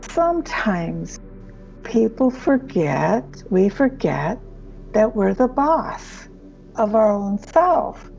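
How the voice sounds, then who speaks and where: Woman, gravelly voice, mellow tone, slow and expressive, spiritual chat, dull lo-fi sound, faint music behind. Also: mid-range voice. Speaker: spiritual channeler and host. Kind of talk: casual spiritual conversation.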